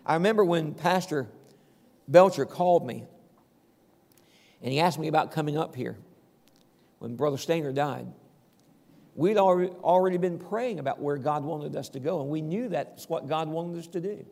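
An older man preaching a sermon in a relaxed, conversational way, checking in with his listeners and chuckling now and then. His voice sits somewhat high and carries a gravelly edge. The long reverb of a church hall trails behind each phrase. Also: normal speed, pauses often. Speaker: pastor.

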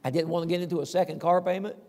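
A man's voice: on the high side, steady tone, rapid-fire, a little mellow. An older man preaching a conversational sermon as pastor, often checking in with the congregation and chuckling now and then. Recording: long reverb of a large hall.

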